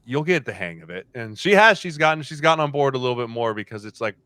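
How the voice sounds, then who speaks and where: A man in his thirties, a podcast guest, chatting casually and telling animated stories, acting out what people said. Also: medium pitch, quick pace, smooth, no echo. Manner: animated storyteller, acts out quotes. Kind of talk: casual chat.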